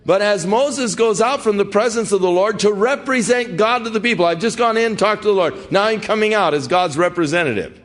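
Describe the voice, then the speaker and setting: A man's voice: sits high, brisk, few pauses. An older man, a pastor, teaching through a Bible passage in an earnest, conversational way and putting direct questions to his listeners.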